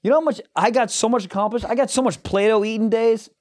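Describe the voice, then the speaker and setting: A man's voice: high-pitched, darkish tone. Bro-ish man joking on a podcast. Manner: joking, swearing, drifts into quick mock voices. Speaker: podcast co-host. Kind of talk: crude casual banter.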